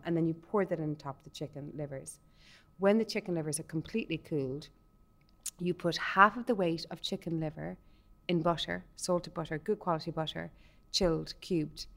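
A woman's voice: low voice, creaky. A woman guest in casual chat, enthusiastic, talking through food and a recipe step by step with many restarts.

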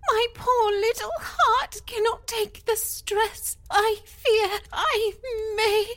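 A man's voice: fairly even intonation, slow pace, pushed and bright, exaggerated voice. Man doing a swooning, melodramatic lady. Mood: overwrought. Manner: trembling, overwrought falsetto. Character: fainting, melodramatic young lady.

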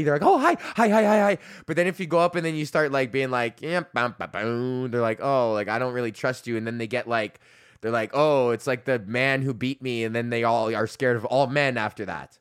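A man's voice: medium pitch, fairly bright tone, clean tone. A young man hosting his own comedy podcast, ranting in a rambling, profane way, laughing often and slipping into mock voices. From Canada. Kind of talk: solo comedic rant.

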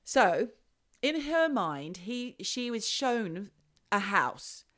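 A woman hosting a chat show, telling a story in a chatty, animated way. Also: mid-range voice, extremely slow. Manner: animated, chatty, acts out quotes. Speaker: podcast host.

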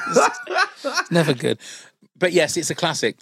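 A man's voice: a little high, huge pitch swings, a little slow, vocal fry, fairly bright tone. A man chatting as a podcast guest, jokey and self-deprecating. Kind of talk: casual chat.

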